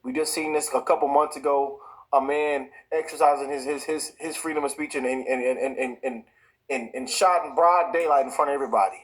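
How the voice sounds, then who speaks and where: A man's voice: mid-range voice, fairly even intonation, brisk, low-quality recording. A man, hosting his own show and ranting in heated, repetitive commentary full of restarts. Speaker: show host. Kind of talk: impassioned commentary.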